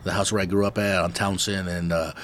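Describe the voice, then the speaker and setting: Middle-aged man, lower voice, relaxed and profane podcast host, faint hiss. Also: fairly quick. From East Los Angeles. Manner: laid-back and profane, muses aloud. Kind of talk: casual podcast conversation.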